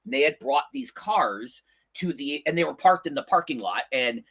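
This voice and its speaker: A man with a bright, husky voice chats as co-host of a live stream. His pitch rises and falls a lot as he tells animated stories. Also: normal speed. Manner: animated storyteller, acts out quotes. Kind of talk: casual chat.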